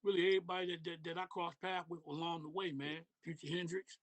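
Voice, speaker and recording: A middle-aged Detroit man, guesting on a podcast, chats casually in an interview, speaking fast with a fairly high, level voice. His talk is loose street slang, peppered with "you know what I mean."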